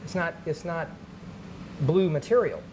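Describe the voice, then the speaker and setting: A man, a comedian guest, chatting casually on a podcast and telling animated stories with quick character voices. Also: fairly high pitch, noisy background.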